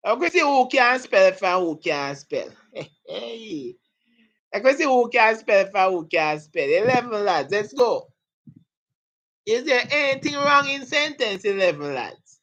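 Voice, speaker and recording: A woman's voice: medium pitch, sing-song, a little slow, fairly bright tone, muffled recording. A woman teaching a live exam prep lesson, joking and laughing with her students as she goes. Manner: playful, laughing, hypes up students.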